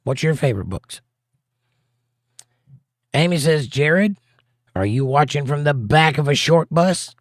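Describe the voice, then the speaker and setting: A man's voice: fairly high pitch, unhurried, pauses often, dry recording, studio quality. A man hosting a casual live stream, reading viewer comments aloud and joking back at them. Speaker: livestream host.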